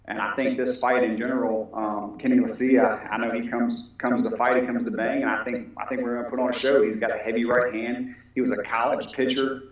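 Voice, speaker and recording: A man's voice: medium pitch, flat delivery, fairly quick. A polite, humble man talking about his fight training and telling stories in a casual interview. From United States. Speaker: fighter and police officer. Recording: very echoey, dull audio.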